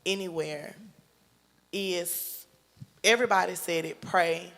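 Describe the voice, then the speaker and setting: A woman's voice: on the low side, steady tone, slow pace, fairly bright tone, long reverb tail. A woman on a panel speaking earnestly and emphatically in casual chat. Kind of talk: casual chat turning to exhortation.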